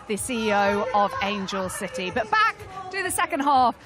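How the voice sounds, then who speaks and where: A woman's voice: medium pitch, big pitch swings, normal speed, over a noisy crowd. A woman presenting a live sports broadcast in a chatty, teasing way, handing over to pundits. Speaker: studio presenter.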